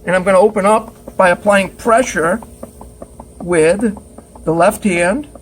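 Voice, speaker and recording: A man's voice: high-pitched, unhurried, a little hiss or hum. A man teaching pottery at the wheel in a studio, chatty and joking as he demonstrates step by step.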